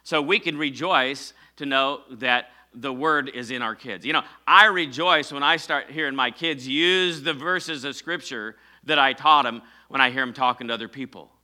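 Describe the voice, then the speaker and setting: Bright-voiced preaching pastor. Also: male voice, medium pitch, moderate pace, few pauses. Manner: preaching with call-and-response to the congregation; fillers and self-corrections, conversational. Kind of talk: sermon.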